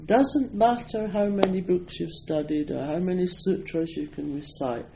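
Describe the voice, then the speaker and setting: Here the Scottish meditation teacher and Zen priest has a high voice with vocal fry, slightly raised and at normal speed. He talks to a live audience in an easygoing, self-deprecating manner full of ums and you-knows, while a faint room hum lingers behind him.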